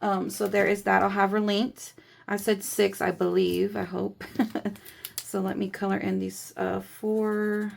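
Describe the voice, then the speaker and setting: A woman's voice: mid-range voice, level tone, unhurried, gravelly, slight background noise. A woman in her thirties chatting casually in a budgeting vlog, rambling and candid, grieving, counting cash aloud between thoughts. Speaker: budgeting vlogger.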